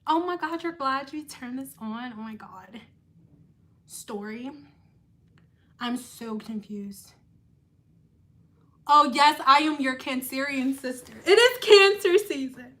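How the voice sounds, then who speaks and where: A high, bright-voiced woman, chatting on a livestream. She slips in and out of sing-song phrasing, then drops to soft murmurs as she reads out comments. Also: expressive, measured pace. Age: 30s. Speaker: livestream host. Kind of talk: casual livestream chat reading comments.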